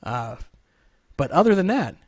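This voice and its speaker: A man's voice: on the high side, sing-song, unhurried, darkish tone, dry recording. A man in his thirties hosting a casual show over a video call, joking and rambling. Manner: joking, rambling, self-deprecating. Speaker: podcast host.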